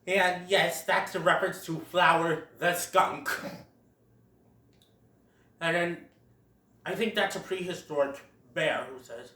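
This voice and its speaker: Far from the mic in an echoey room, a movie reviewer giggles through a casual play-by-play of a cartoon film, quoting its lines. The voice is medium in pitch, pushed and bright, taking it slowly with frequent pauses.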